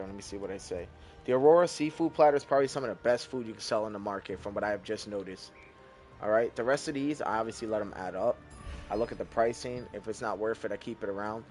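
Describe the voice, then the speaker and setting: A young man giving relaxed, chatty commentary over his game, thinking aloud and swearing casually. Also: medium pitch. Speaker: gaming YouTuber.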